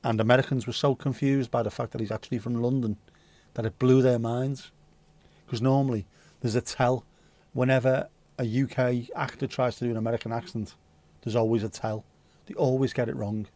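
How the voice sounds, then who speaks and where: A man's voice: medium pitch, level tone, a little fast, mellow, dry recording. A man hosting a livestream, chatting casually and rambling while reading out viewer comments, with the odd swear word. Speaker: livestream host.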